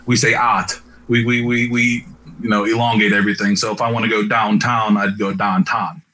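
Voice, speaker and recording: A man's voice: on the low side, little pitch movement, a little fast, pushed and bright. A man from Pittsburgh co-hosting a casual interview, chatty, letting his sentences trail off. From Pittsburgh, United States.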